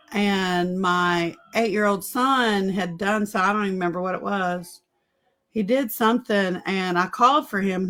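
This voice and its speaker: A woman's voice: medium pitch, bright, forceful tone. A middle-aged woman in casual conversation, frankly telling personal stories about parenting. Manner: candid, personal storytelling. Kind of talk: casual chat.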